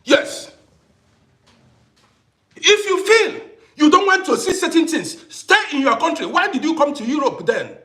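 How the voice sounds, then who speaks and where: Male livestream host, middle-aged, high-pitched and expressive, hammering points home through repetition. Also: unhurried, long pauses. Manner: emphatic, repeats phrases for effect. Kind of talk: impassioned livestream monologue.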